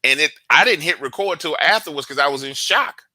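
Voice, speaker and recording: Bright-voiced slangy man telling a story. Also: on the high side, a little fast, no echo. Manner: animated storyteller, slangy, profane. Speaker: guest investigator. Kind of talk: casual podcast conversation.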